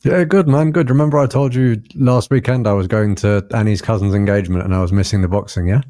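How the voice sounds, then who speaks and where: A man co-hosting a podcast, telling stories in an animated way and laughing often. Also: lowish voice, quick pace, no room sound, studio quality. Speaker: podcast co-host. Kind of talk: casual storytelling chat.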